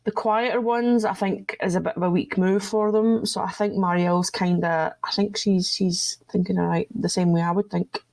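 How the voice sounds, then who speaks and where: Animated woman chatting as a podcast guest. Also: lowish voice, moderate pace, hardly any pauses. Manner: animated, expressive with lots of "like". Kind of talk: casual podcast chat.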